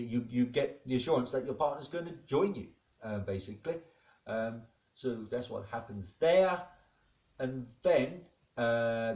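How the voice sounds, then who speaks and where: A man hosting a comedy show as God, telling jokes in a rambling, deadpan way with many fillers. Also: fairly low pitch. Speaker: comedic host playing God. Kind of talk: improvised comedy monologue. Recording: echoey room.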